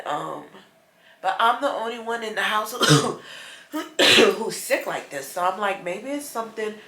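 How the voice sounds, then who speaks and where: An American vlogger, sick with a stuffy nose, lies in bed in her bedroom and chats casually with her viewers in a rambling, frustrated way. Her voice is lowish with a sharp tone, and the sound is roomy.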